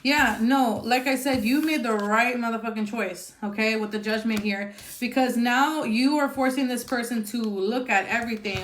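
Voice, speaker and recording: A woman doing a casual tarot reading, her voice sitting a little high. She talks bluntly and chattily, swearing freely and checking in with the listener as she goes. The sound is echoey, as if recorded in a bare room. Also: moderate pace, a little hiss or hum. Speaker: tarot reader.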